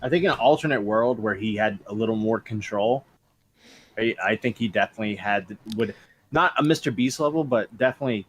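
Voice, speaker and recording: Calm, low-voiced male guest. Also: brisk, a little hiss or hum, rough recording. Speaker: stream guest. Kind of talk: casual chat.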